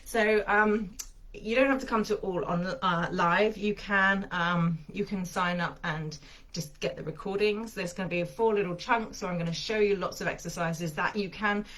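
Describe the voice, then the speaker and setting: A woman leads a casual massage lesson, talking through each move with chatty enthusiasm. She sounds slightly out of breath, her voice sitting at an ordinary middle pitch. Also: a bit bright. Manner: chatty, enthusiastic, thinking aloud with fillers. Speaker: massage and yoga teacher.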